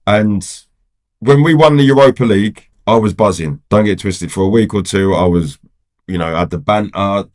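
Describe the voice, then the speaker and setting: A man's voice: lowish voice, moderate pace, a little mellow. A man, a football fan vlogger ranting casually to camera in a rambling, exasperated way. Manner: rambling, exasperated, heavy on "you know" and "do you get what I'm saying".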